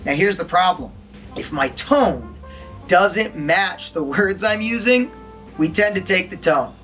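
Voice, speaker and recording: A man's voice: high-pitched, lively intonation, unhurried, over music. A man teaching a lesson as an acting instructor, quizzing his listeners and acting out tones of voice. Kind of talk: recorded lesson to an audience.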